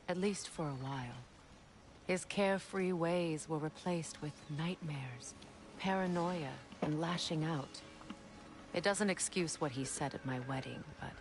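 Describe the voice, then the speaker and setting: A weary, grieving goddess speaks in a low, calm, measured voice, her sarcasm bone-dry. Clear background noise runs under the game audio.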